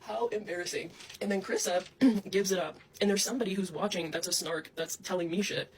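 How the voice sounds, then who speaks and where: A woman's voice: on the low side, fairly even intonation, a little fast, slight background noise. A young adult woman delivering an angry, profane, accusatory rant straight to camera. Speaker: online personality.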